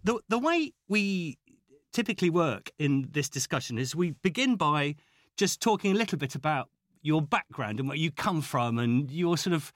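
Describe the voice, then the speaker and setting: A man's voice: fairly high pitch, expressive, moderate pace, no room sound, clean studio sound. A man hosting an interview, opening the talk with hesitant, meandering phrasing and hedging words. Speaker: host. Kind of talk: interview host introduction.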